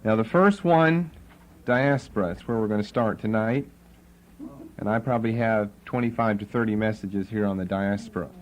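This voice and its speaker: A man's voice: fairly low pitch, normal speed, a little hiss or hum. A man teaching an evening Bible lesson to a live audience, conversational with playful asides to the room.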